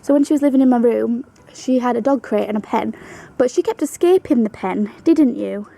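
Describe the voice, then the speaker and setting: In a casual home vlog, a young pet vlogger fondly tells her pet's story, cooing softly to her rabbit between anecdotes. Her voice is a little high but mellow and dark, with gravelly fry. She talks a little fast, and the audio is poor.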